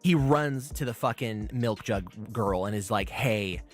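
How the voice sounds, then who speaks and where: A man hosting a podcast, recapping a show in a casual, profane, animated way. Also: fairly low pitch, a little slow, faint music behind. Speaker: podcast host.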